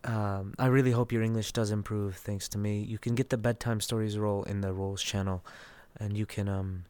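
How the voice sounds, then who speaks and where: A man's voice: lowish voice, steady tone, normal speed, darkish tone, smooth, no room sound. A young man from Texas hosting a casual voice chat, reading out and answering listener messages. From Dallas, Texas. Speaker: voice chat host.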